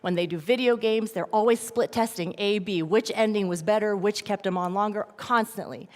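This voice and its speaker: A middle-aged woman gives an animated talk to parents at a church event and acts out the voices in her quotes. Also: medium pitch, normal speed. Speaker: guest speaker at a church event. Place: large church hall. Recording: long reverb from a church hall.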